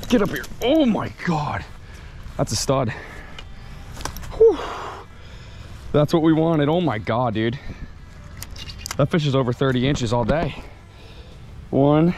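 A man's voice: medium pitch, lively intonation, normal speed, long pauses, darkish tone, soft background music. A young man vlogging a fishing trip outdoors by a canal, talking to an action camera and exclaiming often. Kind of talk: excited outdoor fishing vlog.

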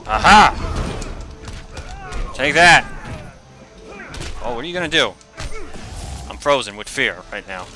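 A man's voice: mid-range voice, big pitch swings, brisk, pauses often, sharp tone, faint music behind. A young man giving casual commentary while playing a fighting game, trash-talking the opponent and grumbling in frustration.

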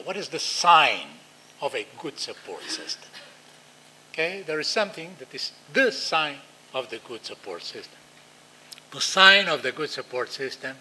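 Older male lecturer, Israeli accent; lively, bright delivery. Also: mid-range voice, slight background noise, poor audio. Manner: animated, acts out quoted voices, non-native phrasing. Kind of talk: lecture to practitioners.

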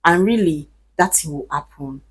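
Female vlogger, lower pitch, husky; earnest, emphatic advice to camera. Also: moderate pace. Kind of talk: casual advice talk to camera.

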